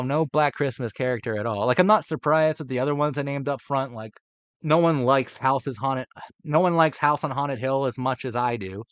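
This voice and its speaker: A man's voice: mid-range voice, fairly bright tone, clear, resonant tone, no echo. A man reacting to a horror movie ranking list, ranting with profane, exasperated sarcasm.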